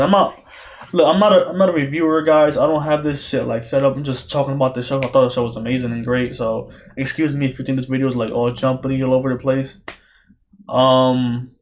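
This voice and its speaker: A young man giving an excited, profane, rambling solo review, like a podcast host talking straight to his viewers. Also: medium pitch. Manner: excited, profane, repetitive slang-heavy talk.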